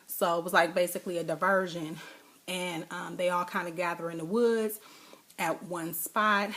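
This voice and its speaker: A woman's voice: medium pitch, a bit bright. A woman giving a casual, rambling TV episode recap, full of fillers and asides. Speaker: TV show recapper.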